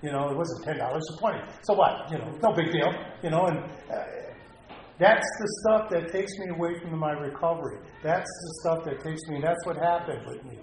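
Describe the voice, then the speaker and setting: Middle-aged man, heartfelt and rambling recovery-meeting share; higher voice, roomy echo, faint ambience. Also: fairly quick, a little hiss or hum. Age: middle-aged or older. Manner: heartfelt, rambling, repeats himself, rises to pleading. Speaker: speaker sharing at a recovery meeting.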